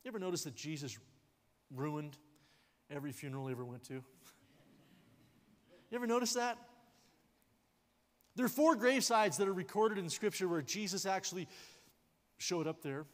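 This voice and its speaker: Man pastor, lively sermon delivery, light jokes, sanctuary echo. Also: high voice, normal speed, pauses often. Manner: animated preaching with sudden drops to a hush; jokey asides. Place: church sanctuary. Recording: long hall reverb in a church sanctuary.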